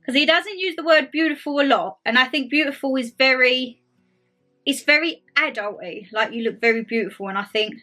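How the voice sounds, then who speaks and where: Bubbly, bright-voiced woman vlogging. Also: high-pitched, fairly quick, soft background music. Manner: chatty, bubbly, lots of "like" and quoted asides. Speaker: vlogger host. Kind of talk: casual chat to camera. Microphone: tablet camera.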